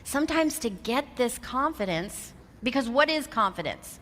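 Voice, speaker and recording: Woman, 50s, motivational keynote speaker, vivid storyteller with a crisp, bright tone, recorded in a reverberant hall with faint noise. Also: a little high, moderate pace. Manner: animated storyteller who acts out quoted dialogue. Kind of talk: storytelling keynote talk to a live audience. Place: large hall with an audience.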